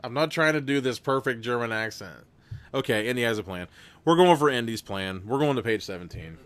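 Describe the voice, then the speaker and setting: This young host reads a gamebook live as viewers vote in chat, chatting loosely, laughing often, and cursing now and then. His medium-pitched voice is fairly bright, with lively intonation and a slightly quick pace.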